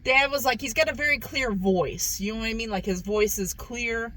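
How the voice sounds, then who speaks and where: A woman's voice: fairly high pitch, normal speed, fairly bright tone, poor audio. A woman hosting a casual food review vlog, chatty, repeating herself and calling her viewers "guys". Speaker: food review channel host.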